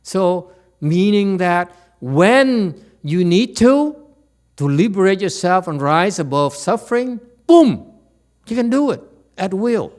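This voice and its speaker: A man giving a lecture at a temple, animated and teasing, often checking whether the audience understands. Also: sits high, takes it slowly. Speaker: Buddhist teacher. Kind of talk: dharma lecture.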